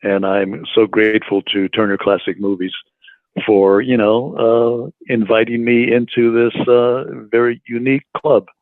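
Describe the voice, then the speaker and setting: A man in his eighties, a guest being interviewed, speaking in a measured and hesitant way with frequent fillers. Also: mid-range voice, level tone, no echo. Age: 80s. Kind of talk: interview conversation. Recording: tinny dry phone line.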